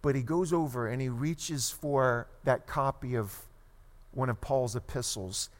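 A man preaching a sermon, telling a story with animated delivery and asking his listeners questions. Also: medium pitch, a little slow. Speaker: pastor. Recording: long hall reverb.

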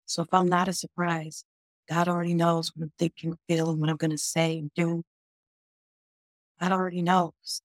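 Flat, gravelly-voiced woman explaining grief. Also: on the low side, moderate pace, no room sound, studio quality. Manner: conversational, often says "like", voices inner questions. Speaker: doctor speaking on a podcast. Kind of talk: podcast talk explaining grief.

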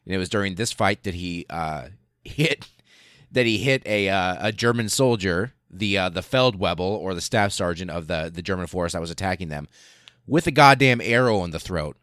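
A man with a very low voice tells a history story in a loose podcast style, swearing freely and tripping over his words. The recording is dry and close. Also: normal speed, no room sound. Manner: excitable, profane, many fillers and restarts. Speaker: podcast host.

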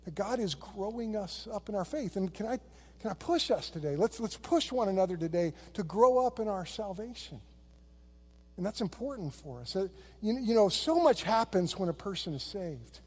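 A man's voice: high-pitched, animated, moderate pace, a little mellow, husky. A middle-aged man preaching a sermon as a pastor, telling stories in a conversational way. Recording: long reverb of a large hall.

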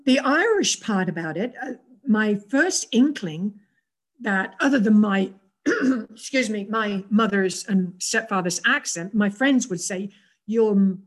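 Gentle and reflective, a seventy-something woman from England shares personal stories as an interview guest. She speaks at a medium pitch, expressively, with frequent pauses and restarts.

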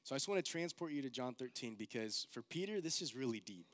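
A man's voice: medium pitch, animated, quick pace, fairly bright tone. A young man preaching a casual, earnest sermon, peppering his talk with "like.". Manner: casual, earnest, heavy use of like.

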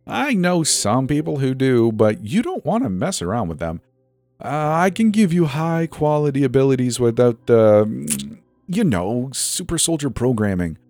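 A man's voice: very animated, measured pace, a little mellow, dry recording. A man voicing a creepy sing-song teen boy. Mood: menacing. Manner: sing-song, mocking, low murmur. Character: creepy grinning teenage boy selling superpowers.

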